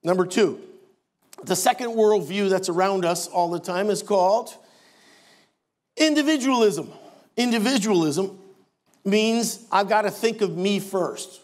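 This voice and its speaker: Older male pastor, high-pitched voice, emphatic sermon delivery with dry humor. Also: a little slow, long pauses. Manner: emphatic preaching with wry asides.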